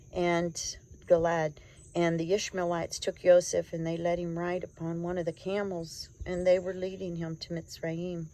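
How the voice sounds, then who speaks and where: A woman's voice: fairly low pitch, warm tone, slight background noise, poor audio. A woman reading an old scripture story aloud, earnest and emotive in the quoted laments. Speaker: scripture reader.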